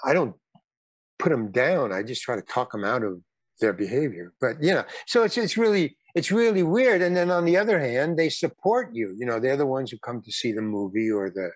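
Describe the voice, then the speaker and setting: An older man, a guest, telling stories in casual talk, rambling and halting with lots of restarts. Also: medium pitch, lively intonation, dry recording. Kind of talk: casual storytelling.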